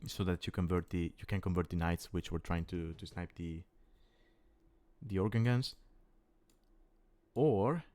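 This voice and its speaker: Low-voiced caster. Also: male voice, a little slow, long pauses, darkish tone. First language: Italian. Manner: thinking aloud, restarting words mid-phrase. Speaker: esports caster. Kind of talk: live strategy game commentary.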